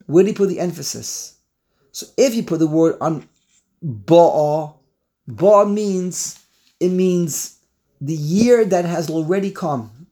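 A man giving an animated Torah class, repeating phrases and mixing in Hebrew and Yiddish words. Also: high-pitched, unhurried. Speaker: rabbi teaching. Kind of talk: Torah class on the Passover Haggadah.

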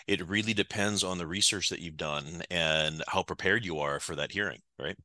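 A man's voice: deep voice, normal speed, pushed and bright, dry recording. A man hosting a talk show, prompting his guest with affirming questions and some fillers. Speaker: radio show host. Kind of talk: radio talk show interview.

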